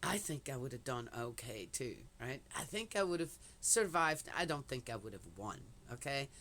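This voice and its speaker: An older woman vlogger chats in a meandering, talkative way, drifting between personal stories and Bible commentary and often dropping in little "yes" asides. Her voice is very deep and fairly bright, with lively intonation at a normal speed, and there's slight background noise.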